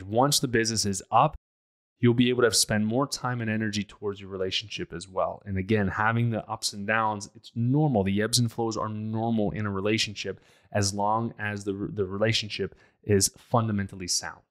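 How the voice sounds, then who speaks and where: A man's voice: on the low side, steady tone, normal speed. A man hosting a relationship podcast, giving casual advice in a blunt, emphatic, conversational way.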